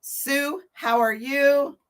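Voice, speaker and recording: A chatty woman in her fifties hosts a casual livestream, greeting viewers one by one with frequent laughter. She talks at an easy, unhurried pace. Her voice sits a little high. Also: steady tone, fairly bright tone. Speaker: livestream host.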